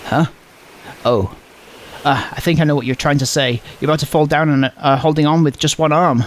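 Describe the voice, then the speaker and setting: A man's voice: on the high side, fairly even intonation, normal speed, a little hiss or hum. A man playing through a visual novel, reading every line in a playful, exaggerated comedic way.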